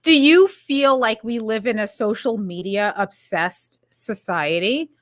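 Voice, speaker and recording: A woman's voice: a little high, measured pace, no room sound, clean studio sound. A woman co-hosting a podcast in casual chat, talking in a rambling, candid way and correcting herself as she goes. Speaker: podcast co-host.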